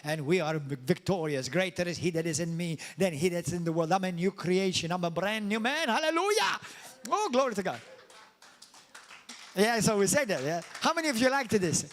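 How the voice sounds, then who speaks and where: A middle-aged man from Malta preaches in a church hall, his voice sitting high for a man. He is animated and throws questions at the congregation, then climbs into playful, mocking high voices. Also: a little fast. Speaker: pastor. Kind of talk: sermon.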